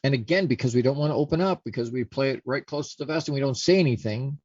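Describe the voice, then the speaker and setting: A man's voice: medium pitch, fast talker, a little mellow, breathy edge, no echo, lo-fi sound. A middle-aged man hosting a talk show, speaking earnestly and often restarting and repeating his sentences. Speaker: host. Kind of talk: casual solo talk show monologue.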